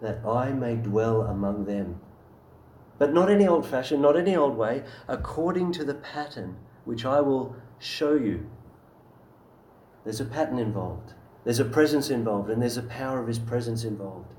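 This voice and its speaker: A man's voice: mid-range voice, animated, moderate pace, darkish tone, reverberant, slight background noise, low-quality recording. A man preaching a sermon in an earnest, emphatic way, often asking rhetorical questions.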